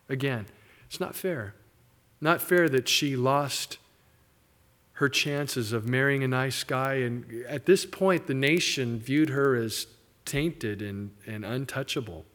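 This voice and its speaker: A middle-aged man preaching a sermon, animated, slipping into quick mock voices for the people in the story. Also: medium pitch. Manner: animated preaching, mimics characters in asides. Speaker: pastor.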